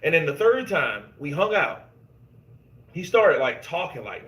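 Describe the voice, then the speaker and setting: A man hosting casual boxing commentary, reading viewer comments and telling stories in an animated, emphatic way, swearing freely. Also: fairly high pitch, measured pace. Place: gym. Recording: echoey gym room.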